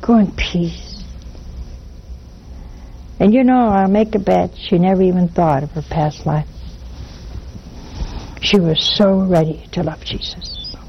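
An older woman hosting a religious call-in show, talking in an animated way and acting out little dialogues. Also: lowish voice, measured pace, long pauses, muffled recording, a little hiss or hum. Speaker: host.

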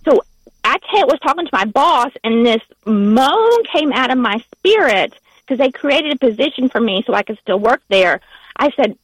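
A woman with a Southern US accent calling in to a radio show by phone, talking in a heartfelt, halting way with frequent restarts. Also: high voice, expressive, slightly rough, dry recording, rough recording. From United States. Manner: emotional, halting, restarts often. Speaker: caller. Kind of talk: call-in chat.

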